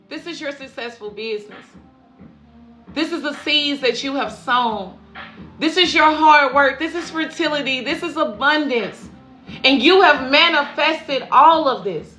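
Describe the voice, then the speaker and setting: A woman's voice: sits high, unhurried, bright, forceful tone. A woman doing a live tarot reading, chatting casually and repeating affirmations to her viewers, whom she calls "y'all" and "baby". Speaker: intuitive tarot reader. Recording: echoey room with faint music.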